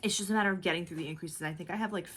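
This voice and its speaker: A young woman hosts a knitting video as a knitting podcast host, chatting casually in a lowish, fairly bright voice. She talks very fast and rambles with lots of fillers.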